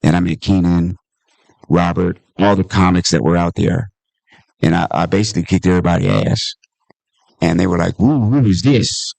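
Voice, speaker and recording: A man's voice: deep voice, moderate pace, vocal fry, pauses often, dry recording. A comedian from Washington, D.C. telling stories from his life in conversation, acting out the voices of people in them. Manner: animated storyteller, acts out voices in anecdotes. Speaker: comedian and author at book talk. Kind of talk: storytelling in conversation.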